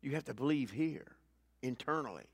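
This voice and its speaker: A man preaching a sermon as pastor, swinging between loud emphatic lines and quiet low asides and repeating key phrases. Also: animated, normal speed, creaky, slightly rough, dry recording.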